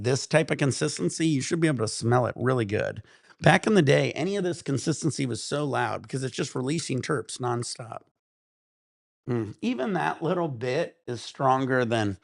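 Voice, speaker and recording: A man in his thirties hosts a laid-back stream, rambling through stories with plenty of swearing and laughter. His mid-pitched voice has a gravelly edge. The sound is close and dry, with almost no room around it. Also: no echo. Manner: rambling, profane storytelling with frequent laughs. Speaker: cannabis stream host. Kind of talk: casual livestream chat.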